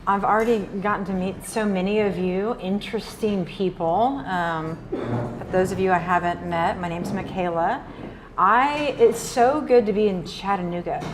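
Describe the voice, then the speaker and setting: A woman's voice: medium pitch, background noise. A woman from Nebraska giving a casual, chatty keynote talk at a luncheon. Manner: chatty, uses "like" and "y'all". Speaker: keynote speaker. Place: luncheon event room.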